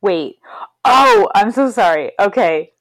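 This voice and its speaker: A woman's voice: mid-range voice, wildly swooping pitch, takes it slowly, gravelly, no echo. A woman casually talking through a movie's scenes, laughing often and acting out the lines. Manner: chatty, laughs often, retells scenes with quoted voices. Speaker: podcast co-host.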